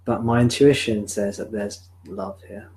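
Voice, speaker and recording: A man, a spiritual teacher, speaking calmly and reflectively at a live-streamed home satsang into a sensitive desk microphone. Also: lowish voice, rough recording. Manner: calm, reflective, answers viewer questions slowly. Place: home room.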